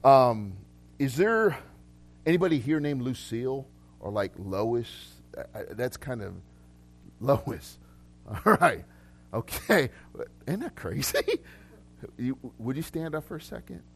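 A man's voice: mid-range voice, very animated, measured pace, long pauses. A man preaching a casual sermon to a congregation, chatty and loose, often laughing and restarting his sentences. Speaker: pastor. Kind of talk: casual live sermon with prophetic words. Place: church hall with congregation.

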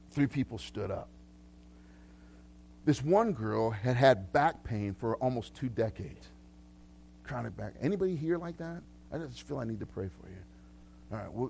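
A man's voice: medium pitch, creaky, a little hiss or hum. A man preaching a sermon as pastor, talking conversationally with repeated words and frequent laughs. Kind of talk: sermon with prayer ministry.

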